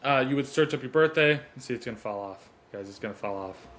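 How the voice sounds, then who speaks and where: A man's voice: medium pitch, fast talker, fairly bright tone, slight background noise. A man hosting his own podcast, giving motivational talk and chatting casually while fixing his mic stand. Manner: earnest, rambling, fixes gear mid-recording. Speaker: podcast host. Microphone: desk mic on a stand.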